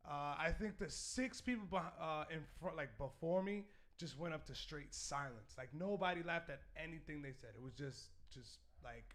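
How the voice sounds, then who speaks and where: Brief: comedian guest, male, high and bright, lively casual storyteller. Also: normal speed, few pauses. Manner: animated, laughing storyteller.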